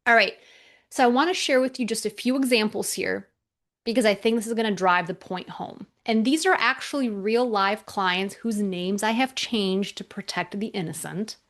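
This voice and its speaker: An energetic woman walks through an educational presentation as a tax accountant. She speaks emphatically and stops to ask her audience rhetorical questions to drive her points home. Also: mid-range voice, normal speed.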